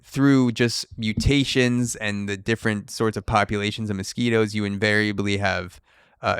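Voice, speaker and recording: Young guy podcasting, rambly and joking around, smooth clear voice, dry sound. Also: on the low side, a bit bright, dry recording. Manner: rambling, speculative, jokey. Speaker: podcast host. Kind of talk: casual chat.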